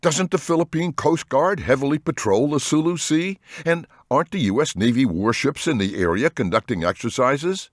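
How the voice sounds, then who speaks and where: A frantic young male researcher, voiced by a man in an audiobook, his voice pitched well up and swinging widely. He fires off urgent, pleading questions with a dry, close sound. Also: lively intonation, normal speed, hardly any pauses, dry recording, close to an everyday voice. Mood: anxious. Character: young male ocean researcher, anxious and shaken. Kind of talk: audiobook character voice.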